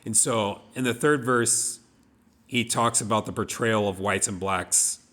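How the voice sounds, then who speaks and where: A young man co-hosts a podcast, casually talking over song lyrics and sharing personal stories in an earnest, reflective way with many restarts. His voice sits fairly low, moves a little slowly, and has a slightly bright quality.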